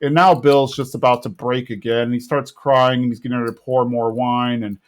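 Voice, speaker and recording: A man's voice: medium pitch, fairly even intonation, a little fast. A man co-hosting a podcast who casually recaps a cartoon episode, rambling with frequent restarts. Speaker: podcast co-host.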